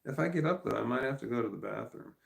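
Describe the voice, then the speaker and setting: A man in his forties with a gravelly, creaky voice, rambling candidly on a casual livestream. His pitch sits in an ordinary middle range. The sound rings around an echoey room. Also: lively intonation, quick pace. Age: 40s. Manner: rambling and candid, thinking aloud. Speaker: streamer.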